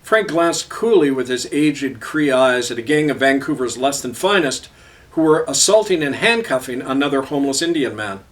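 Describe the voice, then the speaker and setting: A man's voice: medium pitch, expressive, moderate pace, distant mic. A middle-aged man reading his own column aloud with a sardonic, biting delivery.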